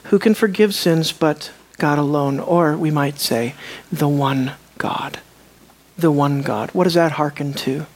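A preacher delivering a sermon, swinging between hushed, slow asides and loud, emphatic declarations, and asking the listeners rhetorical questions. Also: medium pitch.

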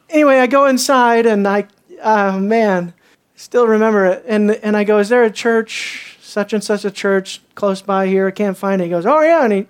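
A woman pastor preaching a sermon, telling stories and acting out the people in them. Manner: animated storytelling, acts out characters with jumps in pitch.

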